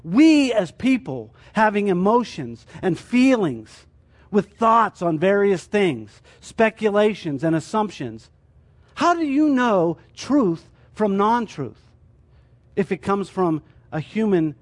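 A man's voice: high voice, big pitch swings, slow pace. A man teaching a sermon as a church teacher, explaining his points through rhetorical questions.

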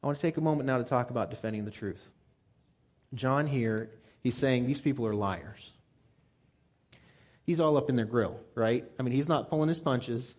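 A man's voice: mid-range voice, normal speed. A man preaching a conversational sermon, getting fired up and talking plainly to his listeners. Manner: conversational and animated, gets fired up. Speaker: pastor.

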